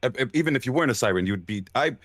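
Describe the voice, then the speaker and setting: A man voicing a flustered male professor who stammers and apologizes while flattering a lady. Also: mid-range voice, very fast, no echo, clean studio sound.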